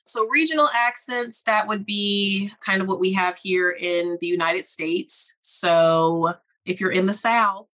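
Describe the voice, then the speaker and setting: A woman speech-language pathologist answering questions in a podcast interview, explaining in a measured, deliberate way. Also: fairly low pitch, fairly even intonation, fairly bright tone.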